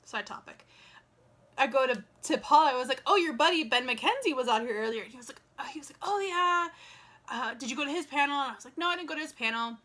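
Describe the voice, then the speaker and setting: A woman's voice: high-pitched, lively intonation, quick pace, a bit bright. A young woman telling a story to her camera in a casual vlog, chatty and full of "like" and acted-out dialogue. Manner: chatty, lots of "like" and quoted dialogue. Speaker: vlogger.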